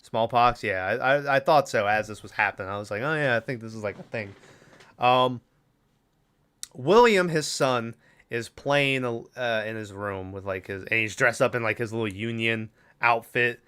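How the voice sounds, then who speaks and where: A man's voice: mid-range voice, normal speed, sharp tone, smooth. A man co-hosting a podcast, rambling through a casual movie recap with lots of fillers and swearing. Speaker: podcast co-host.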